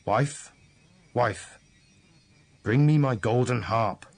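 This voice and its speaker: A man's voice: medium pitch, extremely slow, a little mellow. A man voicing a huge, bellowing, man-eating male ogre in a read-aloud fairy tale. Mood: menacing.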